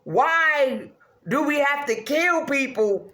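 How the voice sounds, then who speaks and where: A woman vlogger tears into a rant, profane and animated, laughing between lines. Her voice is bright and sharp, and it bounces around a roomy, echoey space. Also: sits high, takes it slowly. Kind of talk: casual rant to camera. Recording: roomy echo.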